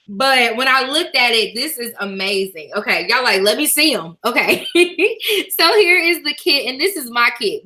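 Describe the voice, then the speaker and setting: A woman's voice: high voice, pushed and bright, low-quality recording. A woman hosting a casual video chat, talking in an emotional, laughing way with plenty of dialect. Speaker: YouTube host.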